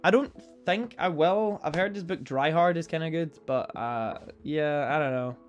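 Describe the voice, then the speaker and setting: A man with a slightly higher voice talks through his monthly reading in a loose, rambling way. He pokes fun at himself as he goes. Faint guitar music plays behind him. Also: moderate pace, dull audio. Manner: rambling and self-deprecating. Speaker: book vlogger. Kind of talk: casual book review chat.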